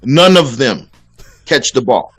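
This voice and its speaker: A man's voice: high voice, a bit bright. A man hosting a casual sports talk show, ranting with plenty of profanity. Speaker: podcast host.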